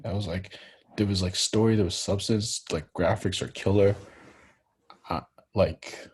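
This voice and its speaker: A man chatting casually, talking low and murmuring into a laptop microphone, with lots of fillers. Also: fairly even intonation, measured pace, husky. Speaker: co-host. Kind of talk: casual chat.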